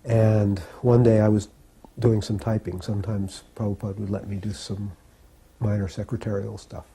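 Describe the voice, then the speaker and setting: A man telling a personal anecdote in an unhurried, reflective way, with occasional fillers. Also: lowish voice, little pitch movement, mellow, slight background noise. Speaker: devotee recalling memories.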